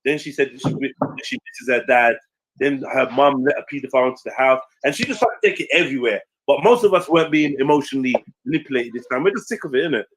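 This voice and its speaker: A man, telling a story in casual chat, animated and slangy, swearing freely and acting out what others said. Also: mid-range voice, fast talker, poor audio. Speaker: stream panelist.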